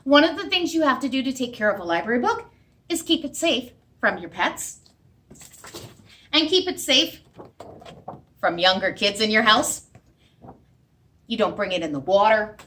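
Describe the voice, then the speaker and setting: A woman speaking as a children's librarian in a library room, giving an animated, sing-song storytime for first graders. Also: fairly high pitch, normal speed, pauses often.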